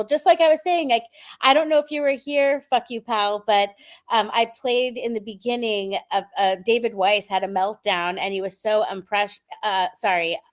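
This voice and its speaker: A woman's voice: fairly high pitch, a bit bright. Chatty woman on a livestream. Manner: chatty, restarts often, laughs easily. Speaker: co-host of online radio stream. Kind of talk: casual livestream chat.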